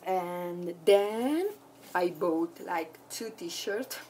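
A young woman talks through a casual haul vlog like an excitable fangirl, swearing freely along the way. Her voice sits a little low, and she takes her time between bursts of enthusiasm. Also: takes it slowly, a little hiss or hum. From Italy. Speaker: vlogger.

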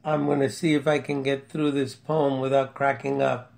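A man's voice: mid-range voice, flat delivery, normal speed, gravelly, a little mellow. A man reading out his own humorous poem, chuckling and amused at himself. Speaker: amateur poet. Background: faint music.

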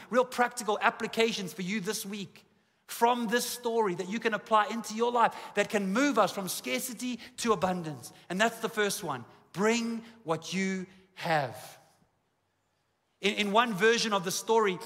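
A man in his forties with a South African accent, preaching a sermon as a pastor, mixing jokes and self-deprecating stories into his message. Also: high-pitched. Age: 40s. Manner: humorous, self-deprecating storytelling, lively. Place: large church auditorium. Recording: long reverb of a big hall.

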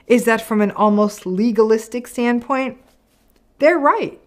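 A slightly high, slightly slow voice belongs to a middle-aged psychologist hosting her own channel. She talks straight to the camera, frank and conversational, explaining relationship patterns and performing quoted lines.

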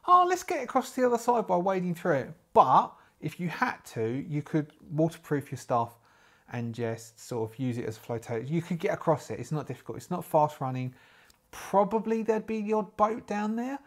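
A man's voice: medium pitch, darkish tone. Rambling man narrating a solo game. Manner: rambling, lots of fillers, thinking aloud.

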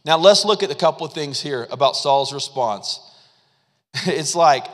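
Animated male pastor in a reverberant hall. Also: fairly high pitch, normal speed. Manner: animated, acts out quotes, chuckles often. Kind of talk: sermon.

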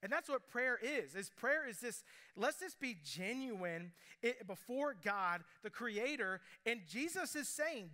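A young man preaching a sermon, telling stories with asides and quick quoted voices. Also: very high voice, very animated, bright, forceful tone. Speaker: pastor.

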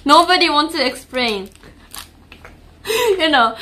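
A woman's voice: sits high, sing-song, takes it slowly, sharp tone. A young woman with a Japanese accent, chatting casually with her live-stream viewers, laughing often and searching for English words.

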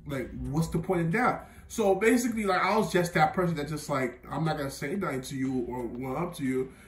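This casual storytime monologue comes from a young vlogger with a high voice who talks fairly quickly, wanders through his personal tale with lots of fillers, and laughs at himself. The sound is roomy, the mic distant, with faint music in the background.

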